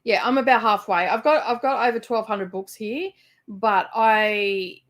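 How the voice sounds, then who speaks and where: An Australian woman co-hosting a live book stream, telling animated stories in casual chat and laughing often. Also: fairly high pitch, measured pace. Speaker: co-host of a live reading stream. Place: rural home library.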